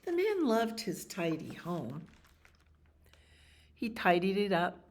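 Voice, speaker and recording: A woman librarian reading a picture book aloud to children, expressive, with animal sounds and little asides. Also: mid-range voice, slow pace.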